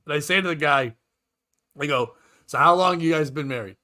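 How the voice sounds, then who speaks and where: Male comic podcast host, rambling storyteller, bright and pushy tone. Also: on the high side, fairly quick. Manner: rambling, animated storyteller acting out quotes. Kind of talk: casual storytelling chat.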